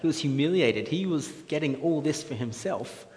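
A man's voice: a little high, expressive, normal speed, darkish tone. A man preaching a casual sermon in a church hall, chatty and jokey, quizzing the audience with questions. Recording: echoey hall with faint ambience.

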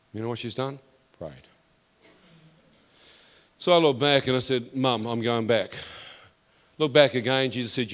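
This New Zealander preaches his testimony in a voice of average pitch, the sound echoing through a big church hall with long reverb. His delivery is emphatic, climbing toward loud proclamations.

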